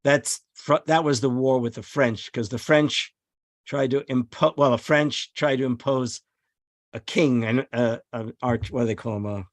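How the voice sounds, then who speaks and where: A man's voice: medium pitch, measured pace, no echo. Brief: male guest, chatty and rambling, dry close sound. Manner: chatty, searches for words mid-sentence. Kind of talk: casual chat.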